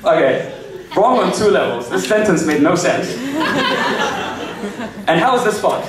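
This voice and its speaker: A man performing a stand-up comedy set, animated and slipping into exaggerated character voices for his jokes. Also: high voice, unhurried, crowd noise. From New Zealand. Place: comedy club stage with a laughing audience. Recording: echoey club recording from far off.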